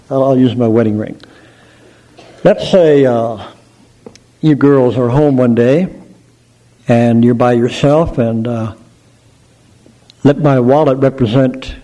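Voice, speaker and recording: A middle-aged male preacher giving a sermon in a folksy, animated storytelling manner, joking about himself. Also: medium pitch.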